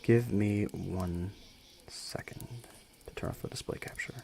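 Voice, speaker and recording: A man's voice: low-pitched, steady tone, moderate pace, gravelly, warm tone, a little hiss or hum. A young man with a dry throat reading a story aloud on a live stream, chatty and joking between passages. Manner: casual, joking, chatty asides.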